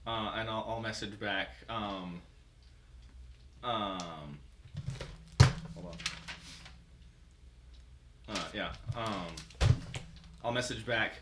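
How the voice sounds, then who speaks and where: Player guy, super slow and halting, echoey room, noisy background. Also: fairly low pitch, pushed and bright, far from the mic. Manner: hesitant, halting. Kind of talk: casual tabletop play.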